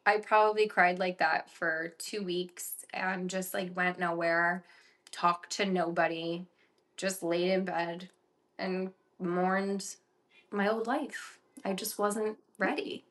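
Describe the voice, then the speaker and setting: A woman's voice: fairly low pitch, steady tone, takes it slowly, fairly bright tone. A young woman co-hosting a casual podcast, telling a personal story animatedly with lots of "like" fillers. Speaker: podcast co-host.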